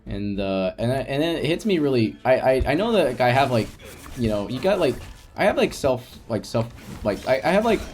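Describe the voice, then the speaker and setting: A young man chatting casually on a live gaming stream, soft-spoken and rambling, with frequent restarts and light laughs. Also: medium pitch, very animated, moderate pace, faint music behind.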